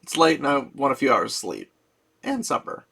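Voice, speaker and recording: Man reading cocky young gambler, brash, gravelly. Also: mid-range voice, sing-song, brisk, bright, forceful tone, full character voice. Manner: brash, bargaining.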